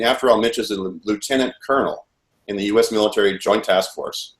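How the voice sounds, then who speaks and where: A man giving earnest, intense personal testimony, telling a story and replaying what others said. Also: on the low side. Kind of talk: personal testimony, recounting events. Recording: echoey room.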